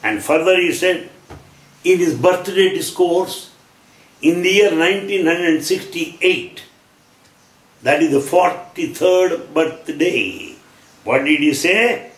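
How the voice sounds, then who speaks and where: An Indian-accented man lectures devotees in a slow, emphatic way, his voice rising and falling widely as he reads out quotations. He talks somewhat high for a man, and the sound rings around an echoey hall. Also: lively intonation, fairly bright tone. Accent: Indian English. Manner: emphatic, quoting scripture slowly and deliberately. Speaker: spiritual lecturer. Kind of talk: devotional talk to followers.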